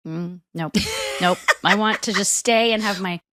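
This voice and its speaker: A woman's voice: mid-range voice, a little slow, fairly bright tone, no echo, clean studio sound. A woman in her forties co-hosting a podcast, chatting casually and playfully and laughing often. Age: 40s. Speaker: podcast co-host. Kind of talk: casual chat.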